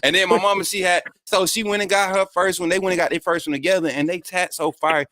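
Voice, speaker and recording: A man hosting a casual interview, talking in a joking, lively way. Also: sits high, fast. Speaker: host.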